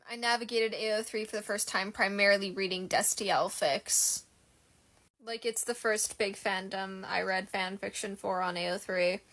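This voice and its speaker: A woman in her twenties chatting casually to her followers. She rambles and gushes with a self-deprecating edge. Her pitch sits in a middle range. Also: fairly even intonation, normal speed, fairly bright tone. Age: 20s. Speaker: fan content creator. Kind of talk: casual chat.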